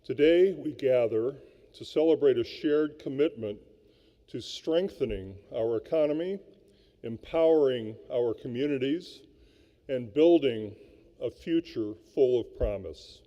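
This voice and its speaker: A man delivers a measured, ceremonial welcome from a podium, his voice very dark and mellow. The sound is dull and lo-fi, with a long reverb from the large hall. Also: mid-range voice, expressive. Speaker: symposium co-chair. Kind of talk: formal scripted welcome speech.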